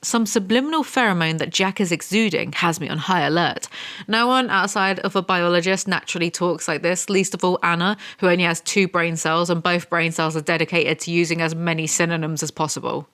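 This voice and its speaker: A woman's voice: on the low side, fairly quick, fairly bright tone. A woman giving a comedic book review, sarcastic and exasperated, with rambling asides.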